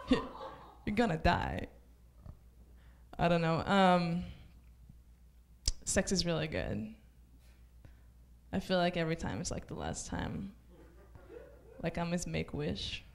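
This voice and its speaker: Israeli woman doing dark open-mic stand-up. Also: on the low side, big pitch swings, slow pace, vocal fry, long pauses. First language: Hebrew. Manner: dark offhand jokes with many "like" fillers. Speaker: stand-up comedian. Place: small comedy club stage.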